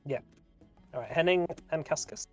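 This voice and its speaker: Halting man running a tabletop game. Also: a little high, darkish tone, faint music behind. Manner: halting, many fillers and restarts. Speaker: game master.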